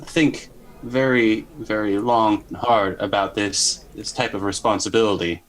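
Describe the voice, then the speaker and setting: A man's voice: on the low side, fairly even intonation, unhurried, natural voice, rough recording. A man voicing an overly polite male robot companion who talks in stiff, formal phrases.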